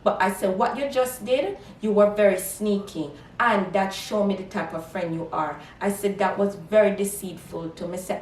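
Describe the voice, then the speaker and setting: A woman's voice: medium pitch, normal speed, hardly any pauses, slight background noise. A woman, telling a casual storytime vlog and animatedly quoting herself in Creole. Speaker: vlogger. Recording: echoey room, mic at a distance.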